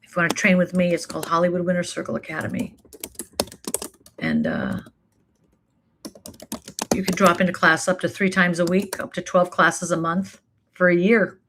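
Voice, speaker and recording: A woman's voice: fairly low pitch, lively intonation, noisy background. A woman acting coach and talent manager, emphatic and encouraging, answering chat questions in a live online class. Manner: emphatic, encouraging, stacks quick lists.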